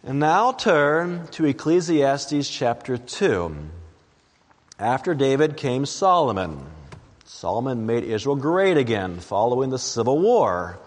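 A man preaching a sermon, reading scripture aloud in a slow and deliberate way. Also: medium pitch, very animated, in a large hall.

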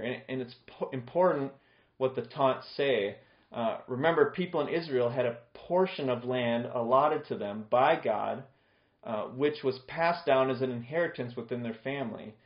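A male pastor giving an expository sermon in a conversational way, explaining scripture with plain everyday examples. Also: medium pitch. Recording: echoey room, dull lo-fi sound.

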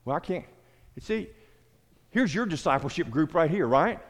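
A middle-aged Southern man preaching in an easy, conversational way, slightly high-voiced for a man. He repeats himself and turns to listeners by name. His voice rings out with a long hall reverb. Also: expressive, moderate pace. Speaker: pastor. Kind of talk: sermon-style teaching.

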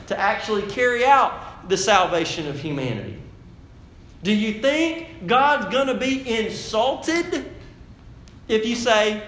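A man, a pastor preaching a sermon in a conversational way that builds to loud, animated emphasis. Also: high-pitched, a little slow, reverberant, slight background noise.

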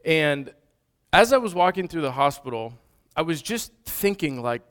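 A man in his thirties preaching, telling a personal story in a lively way with sudden loud bursts. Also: fairly high pitch, normal speed. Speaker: pastor. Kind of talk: storytelling sermon.

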